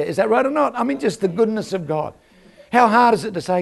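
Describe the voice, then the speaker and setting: A man's voice: high-pitched, lively intonation, fast, vocal fry. A man preaching a sermon in a church, telling stories and asking the crowd for an amen. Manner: storytelling with rhetorical questions and calls for amen.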